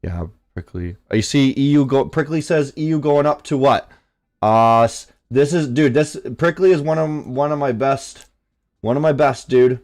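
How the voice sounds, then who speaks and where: A young man from Canada hosting a live trading stream, chatting casually, reading chat aloud and swearing when excited. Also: medium pitch, normal speed. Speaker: livestream trading host.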